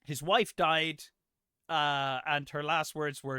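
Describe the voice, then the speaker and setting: A man's voice: a little high, slow pace, pushed and bright, clean tone, no room sound, clean studio sound. A man co-hosting a film review podcast, rambling and sarcastic, swearing freely in casual chat. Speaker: podcast co-host.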